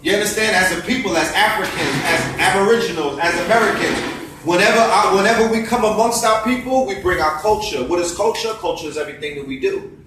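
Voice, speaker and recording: A man's voice: sits high, quick pace, noisy background. A man giving an impassioned lecture to a gathering, preachy and fiery, firing off rhetorical questions. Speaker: speaker addressing a gathering. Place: indoor event space. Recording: echoey room, voice far from mic.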